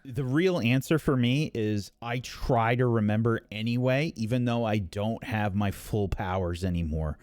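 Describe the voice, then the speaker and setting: A man and game master chatting casually, reflective and animated, swearing now and then. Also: lowish voice, normal speed, hardly any pauses, no room sound, studio quality. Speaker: game master and show regular. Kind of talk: casual podcast chat.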